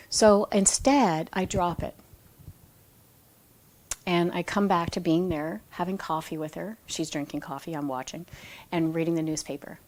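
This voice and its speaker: A woman's voice: lowish voice, a little mellow. A woman reading aloud from her own book, breaking off into conversational personal anecdotes and correcting herself as she goes. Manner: self-correcting, restarts phrases. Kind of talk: book reading with spontaneous asides.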